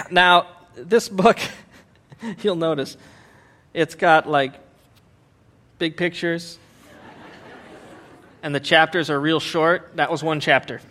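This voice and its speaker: Man preaching in church, high bright voice, joking around, acts out quotes. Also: slow pace, pauses often. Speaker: pastor. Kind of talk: humorous sermon.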